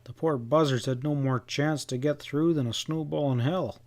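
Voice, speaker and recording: A brash, folksy cowboy rider, voiced by a man reading an audiobook. He speaks in a plain western drawl and gets louder on his exclamations. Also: a little high, fairly even intonation, normal speed, natural voice.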